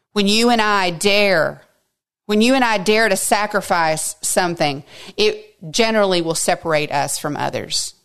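A woman teaching a Bible study in an expressive way, dropping to hushed asides and rising to high, emphatic bursts. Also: clean tone.

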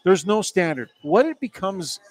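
A man's voice: high-pitched, big pitch swings, moderate pace. A man co-hosting a casual sports talk show, joking and teasing his co-host and producer.

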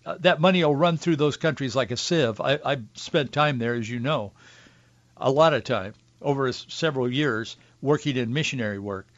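A man's voice: medium pitch, moderate pace, no echo, highs cut off. A man hosting a talk show, delivering an opinionated political commentary monologue with wry asides and restarts.

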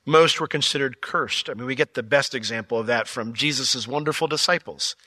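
A man preaching a sermon as pastor, telling the story with jokes and lively asides. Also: medium pitch, fairly quick, no room sound. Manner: animated, joking storyteller.

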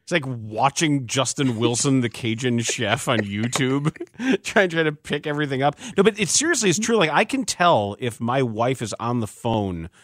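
A man jokes his way through casual sports podcast banter. His voice is bright and his pitch swings widely. The sound is dry and close. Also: very animated, moderate pace, hardly any pauses, no room sound. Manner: joking, playful, laughs often. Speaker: podcast co-host.

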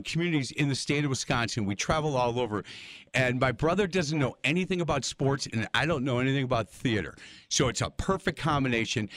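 Brief: older male host, folksy storyteller, animated delivery, dry close sound. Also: medium pitch, dry recording. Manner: folksy, chatty, rambling anecdotes.

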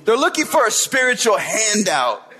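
A man's voice: sits high, big pitch swings, moderate pace, pushed and bright. A man preaching a sermon in a casual, conversational way, often checking in with his listeners. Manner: conversational preaching, tag questions like "right?". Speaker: pastor.

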